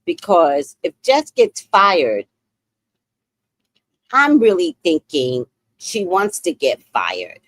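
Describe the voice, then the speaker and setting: A woman's voice: on the low side, sing-song, slow pace, long pauses, no echo. A woman with a New York accent hosting a live stream, chatting bluntly and swearing freely. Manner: chatty, blunt, profane, laughs often. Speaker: livestream host. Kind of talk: casual live-stream commentary.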